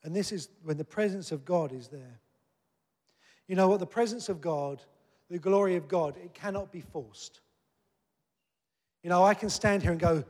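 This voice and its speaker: A man delivering a sermon with a fairly high voice, talking earnestly and plainly, then pressing hard on key points. His words ring out with a long reverb, as in a church hall. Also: moderate pace, a little mellow. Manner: earnest, conversational preaching that rises to emphatic peaks. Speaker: preacher.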